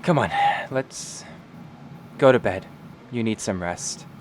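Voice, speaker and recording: Man doing a soft-spoken loving mother. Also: on the low side, expressive, takes it slowly, slight background noise. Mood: tender. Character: tender loving mother, woman, gentle and protective.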